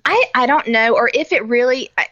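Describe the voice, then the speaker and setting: A woman's voice: on the high side, a little fast, bright, forceful tone, no room sound, highs cut off. A middle-aged woman telling stories in a casual chat, with sarcastic asides. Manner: chatty storytelling, sarcastic asides.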